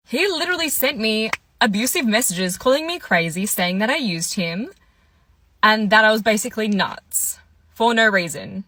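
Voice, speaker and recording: Bright-voiced young woman telling a story. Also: medium pitch, animated, normal speed. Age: 20s. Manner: chatty, quotes people in their voices. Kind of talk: casual story time monologue.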